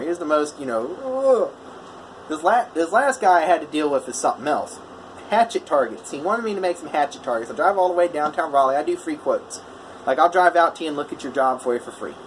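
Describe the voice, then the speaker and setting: A man's voice: fairly high pitch, a little hiss or hum, low-quality recording. A man, a welder, casually telling a story in a vlog, rambling with lots of fillers and restarts. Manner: rambling, full of "you know" and "I was like".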